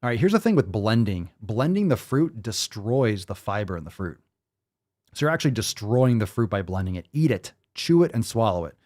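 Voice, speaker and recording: A man hosting a live fitness Q&A stream, talking in a profane, ranting and energetic way. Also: on the low side, fairly quick. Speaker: fitness show host.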